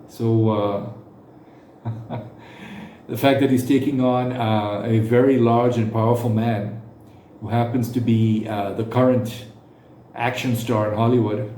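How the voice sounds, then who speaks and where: A man talks through a reaction commentary in a halting way, stopping and restarting often. His voice rings in an echoey room with faint noise underneath. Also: on the low side, dark tone. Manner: halting, with frequent fillers and restarts.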